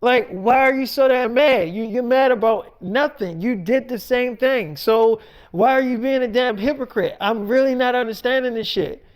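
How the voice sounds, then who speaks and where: A woman's voice: on the high side, moderate pace, darkish tone, close to an everyday voice. A man voicing a defiant nineteen-year-old girl who talks back to her mother. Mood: accusing. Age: teens.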